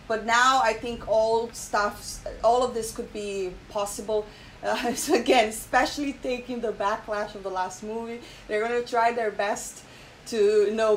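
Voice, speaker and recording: A woman hosting her own channel, chatting emotionally in casual commentary with many fillers, pausing to read an article aloud. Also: fairly high pitch, slight background noise, poor audio. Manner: emotional, frequent fillers and repeated "okay?". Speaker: channel host.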